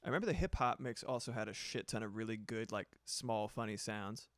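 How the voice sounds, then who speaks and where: A man's voice: on the low side, animated, brisk, fairly bright tone, dry recording, clean studio sound. A man chatting casually on a livestream while he builds sounds, rambling, laughing often and swearing. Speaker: streamer and music producer.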